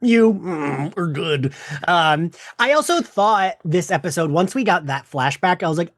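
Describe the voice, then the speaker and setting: Animated podcast co-host, dry close mic. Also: medium pitch, no echo. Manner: animated, quick asides and self-interruptions. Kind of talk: casual chat.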